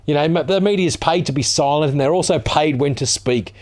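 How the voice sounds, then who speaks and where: Reading a news story aloud, a male Australian vlogger launches into a sarcastic rant that turns profane as his temper rises. He speaks briskly in a slightly mellow, higher-pitched voice.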